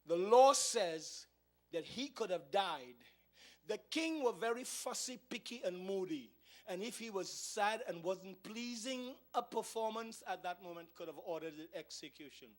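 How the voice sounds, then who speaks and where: A man preaching a sermon as pastor, dropping to a hush and then rising to shouts. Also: high-pitched, animated, a little slow. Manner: swings from hushed to shouting.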